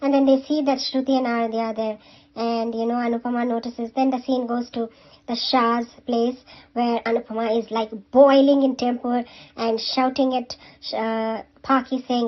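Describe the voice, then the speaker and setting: A chatty woman recaps a serial episode at a normal speed, her pitch fairly high but level with little movement. She sprinkles in "uh" and "you know" and turns to scold or cheer the characters directly, on a slightly dull, lo-fi recording.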